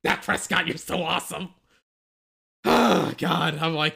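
Excitable high-voiced man ranting over a game. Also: unhurried, creaky. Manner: excitable, exasperated, profane rant with filler "like". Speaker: fan commentator. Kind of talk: live watch-along game commentary.

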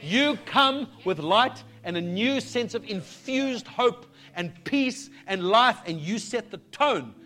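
A man preaching a sermon to his congregation, moving from quiet urging into fervent declarations that rise to shouts. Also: sits high, animated, slow, hardly any pauses, faint music behind. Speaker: pastor. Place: church service.

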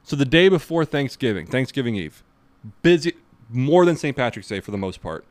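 A young man co-hosting a podcast in casual chat, rambling with a dark sense of humor. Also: mid-range voice, big pitch swings, a little fast, a little hiss or hum. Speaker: podcast co-host.

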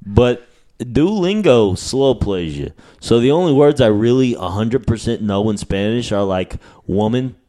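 A man hosting a podcast, joking in a deadpan way and swearing casually. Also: mid-range voice, measured pace. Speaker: podcast host.

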